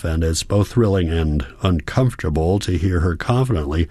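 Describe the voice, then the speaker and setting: Man, audiobook narrator, very low voice, calm, measured, reflective, dry close-mic sound. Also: slightly rough, dry recording. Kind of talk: first-person novel narration.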